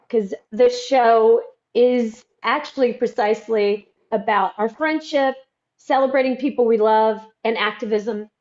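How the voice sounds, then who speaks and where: A woman with a Southern US accent, co-hosting a podcast over a video call in a casual, animated way. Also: on the high side, dull audio. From Nashville, US South. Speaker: podcast co-host. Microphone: remote video call.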